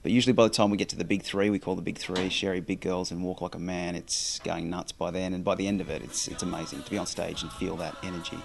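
A male stage actor talking quickly and enthusiastically in a casual interview. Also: low-pitched, fairly even intonation, creaky, background noise.

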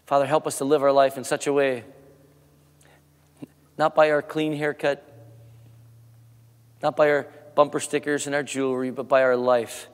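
A man, the pastor, preaching a sermon with rising emphasis and then leading a soft prayer. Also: medium pitch, flat delivery, normal speed, long pauses, smooth. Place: church sanctuary. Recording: long church reverb.

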